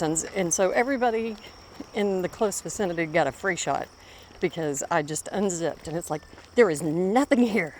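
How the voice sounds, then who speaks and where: Out on a walk with her dog, a middle-aged woman vlogs a meandering story, her fairly low voice occasionally breaking off to call the animal. Slight noise sits in the background.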